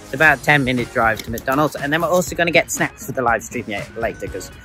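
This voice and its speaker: A man's voice: medium pitch, expressive, fast talker, pushed and bright, faint music behind. A man chatting casually to camera in a vlog about his day, upbeat and rambling with fillers. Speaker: gaming YouTuber vlogging his day.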